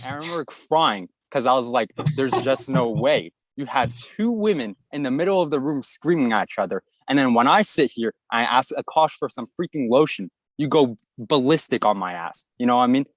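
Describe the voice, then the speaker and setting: Animated young man telling a story. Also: mid-range voice, brisk, few pauses, no echo. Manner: animated anecdote telling, acts out quoted voices. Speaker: guest YouTuber. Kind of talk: casual storytelling.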